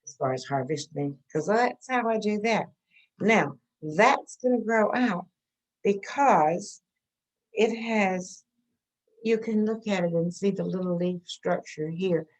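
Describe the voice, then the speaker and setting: A woman's voice: medium pitch, takes it slowly, rough recording. A woman teaching an informal gardening class, chatty and answering questions, often checking in with "okay?".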